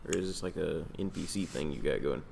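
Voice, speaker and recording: A man's voice: a bass voice, fast, vocal fry, a little mellow, slight background noise. A man playing a tabletop game in casual talk, with a dry, teasing manner. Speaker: player.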